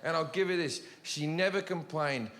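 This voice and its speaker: A bright, high-voiced man telling a rambling, profanity-laced stand-up story in a big live venue. His sound rings with long hall reverb, and a crowd murmurs faintly behind him. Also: normal speed. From Australia. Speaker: stand-up comedian. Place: large comedy venue with audience.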